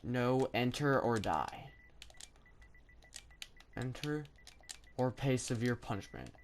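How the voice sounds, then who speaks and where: A woman giving chatty, rambling commentary over her own gameplay, thinking aloud with lots of fillers and sudden bursts of excitement. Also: extremely low pitch, slow pace, a little hiss or hum. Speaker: gaming video creator.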